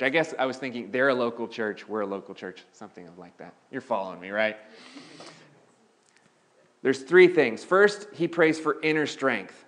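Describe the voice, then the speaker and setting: A man's voice: mid-range voice, fairly bright tone. A male pastor giving a sermon in a church, talking casually with restarts and lifting his voice on key points. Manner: conversational preaching with frequent restarts, rising emphasis on key points. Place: church sanctuary.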